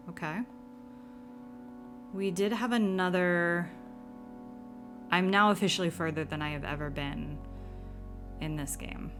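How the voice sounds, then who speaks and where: A woman's voice: on the low side, takes it slowly, pauses often, music in the background. A woman playing through an old horror computer game, reading its text aloud with dramatic flair and dropping wry asides. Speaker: game streamer.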